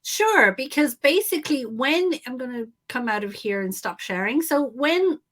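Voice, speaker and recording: A woman's voice: high voice, expressive, moderate pace, a bit bright. Upbeat woman promoting a course. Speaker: guest and course co-creator. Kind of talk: upbeat promotional chat in a live interview.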